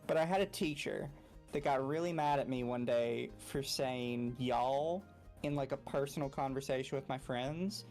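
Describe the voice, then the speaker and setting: A man's voice: mid-range voice, moderate pace, darkish tone, soft background music. A young man with a faint Southern US accent, co-hosting a casual podcast and telling frank, joking stories. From Southern United States. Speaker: podcast co-host.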